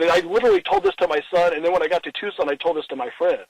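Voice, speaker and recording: A middle-aged man in an interview, telling a personal story in an earnest, halting way, with many restarts and quoted dialogue. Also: high-pitched, big pitch swings, dry recording, rough recording.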